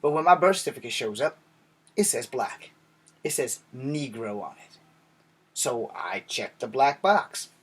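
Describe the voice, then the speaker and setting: A man's voice: mid-range voice, lively intonation, unhurried, breathy edge. A man giving a blunt, casual monologue to his viewers, swearing now and then. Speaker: vlogger.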